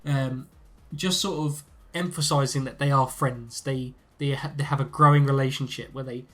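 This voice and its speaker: A man's voice: medium pitch, steady tone, normal speed. A man co-hosting a podcast in casual, profane chat, laughing often as he talks. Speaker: podcast co-host.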